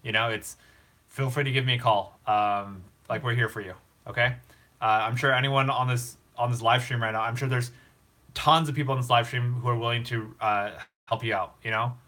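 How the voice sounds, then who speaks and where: An earnest young man hosts a casual live stream, speaking with open emotion as he reassures a struggling viewer. His voice is bright and forceful, at an ordinary pitch. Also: fairly even intonation, fairly quick.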